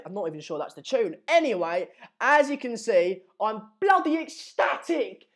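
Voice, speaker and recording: Excitable woman hosting a live stream. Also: medium pitch, normal speed, slightly rough. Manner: excitable, rambling banter with frequent asides. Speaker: host of a live transfer news show. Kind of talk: casual live-stream football chat.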